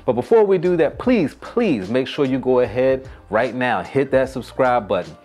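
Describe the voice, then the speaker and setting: A man hosting a casual whiskey review vlog, chatty and joking with quick asides. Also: mid-range voice, animated, a little mellow, soft background music. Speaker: host.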